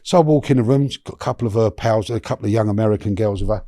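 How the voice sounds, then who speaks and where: Middle-aged guest, gravelly, dark tone, animated storyteller with slang and restarts, dry close sound. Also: male voice, lowish voice, very fast, no echo. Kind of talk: storytelling in a podcast interview.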